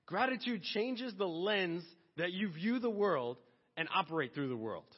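A man's voice: high-pitched, expressive, unhurried. A man preaching a sermon in a loose, conversational way, acting out little asides and voices as he goes. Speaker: pastor. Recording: dull long-reverb hall sound.

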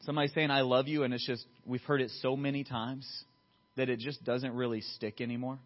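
A man's voice: level tone, a little fast. Emphatic pastor man, muffled sound. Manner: swings from loud emphatic to quiet low asides. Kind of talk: sermon. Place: church sanctuary.

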